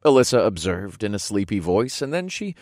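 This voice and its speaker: A man narrating a first-person audiobook story in a slow, deliberate way. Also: lowish voice, very animated, a little mellow, no echo, studio quality.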